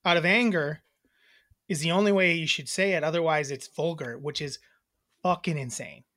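A woman's voice: sits low, normal speed, a bit bright. A woman in her thirties co-hosting a podcast, chatting bluntly and casually with lots of swearing and filler words. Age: 30s. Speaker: podcast co-host. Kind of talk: casual chat.

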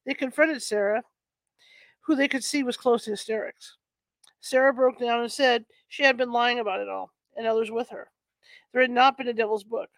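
A woman's voice: on the high side, fairly even intonation, moderate pace, no room sound. A woman with allergies reading a nonfiction history book aloud in a casual way, stumbling over words, correcting herself and adding chatty asides. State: bothered by allergies.

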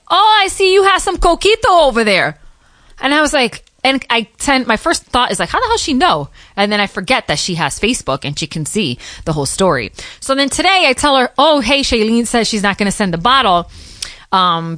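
A woman co-hosting a podcast in relaxed conversation. She tells stories with lively quoted voices. Her sound is close and dry, with no room echo. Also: on the high side. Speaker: podcast co-host. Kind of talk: casual chat.

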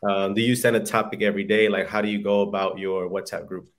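A man's voice: on the low side, fairly even intonation, fast. A man co-hosting a casual podcast, asking curious, loosely phrased questions full of fillers. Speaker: podcast co-host. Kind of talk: casual conversation.

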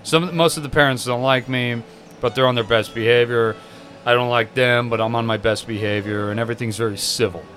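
A man's voice: mid-range voice, fairly quick, faint music behind. A young man co-hosting a podcast, telling crude, profane stories in casual chat. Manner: crude, profane, animated storyteller. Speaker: podcast co-host.

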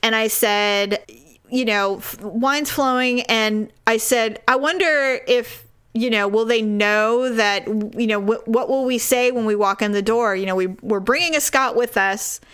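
A woman in her forties with a slightly high voice tells a story in a casual chat. She is animated and laughs often as she goes. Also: a little slow, clear, resonant tone.

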